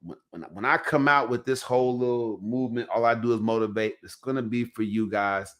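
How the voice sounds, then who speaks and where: A man's voice: mid-range voice, a little fast, fairly bright tone. A man hosting a casual podcast, telling stories in a loose, chatty way and often saying "you know what I'm saying". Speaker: podcast host.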